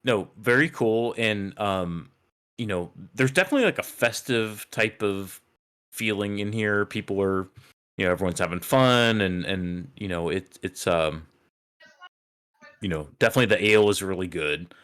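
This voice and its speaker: A man's voice: fairly low pitch, moderate pace, fairly bright tone, clear, resonant tone. A man running a tabletop game as game master, rambling with many fillers as he narrates.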